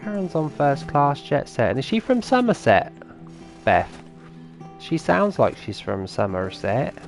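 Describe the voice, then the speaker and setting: While playing a farming game on stream, a man chats easily and responds to comments from his viewers. His voice is a little high, sing-song and gravelly, a little slow, over soft background music.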